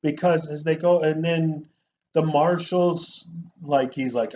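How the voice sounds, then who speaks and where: A man co-hosting a podcast in casual movie review chat, animated and mocking lines in put-on voices. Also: on the high side, measured pace, dull audio, a little hiss or hum. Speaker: podcast co-host.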